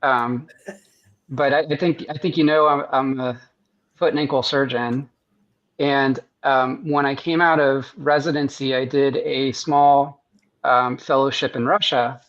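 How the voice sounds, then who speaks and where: On a video-call podcast, an American guest who is both an artist and a surgeon wanders through his stories, restarting frequently and laughing at what he tells. His medium-pitched voice is unhurried, slightly bright, and fairly even in intonation. The recording is muffled and lo-fi.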